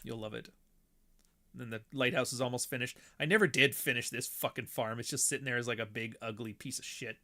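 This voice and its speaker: A man's voice: mid-range voice, fairly quick, sharp tone. A man streaming a block-building game, chatting casually with friends and rambling with plenty of swearing. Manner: rambling, profane, laughs often. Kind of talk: casual chat while playing a game.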